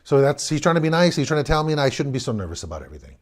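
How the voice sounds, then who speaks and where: A man's voice: medium pitch, very animated, racing. A man in his forties from the Los Angeles area tells a story from his own life in an easy, rambling way. He has a mid-range voice and a wry tone, and he often repeats and restarts his words as he goes. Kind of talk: personal storytelling.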